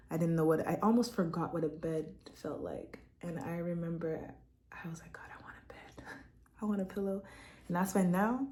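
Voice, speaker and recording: Young woman vlogger from Quebec, slightly low voice, candid heartfelt testimony at a home laptop. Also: warm tone. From Quebec, Canada. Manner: candid, heartfelt, chatty, often laughing. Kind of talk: personal testimony vlog.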